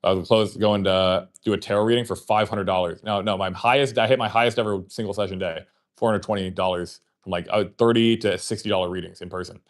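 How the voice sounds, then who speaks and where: Man, livestream host, rapid-fire casual storytelling, rambling, swears a lot, acts out conversations. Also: lowish voice, fairly even intonation. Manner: rapid rambling delivery full of fillers and swearing; acts out remembered conversations in his telling.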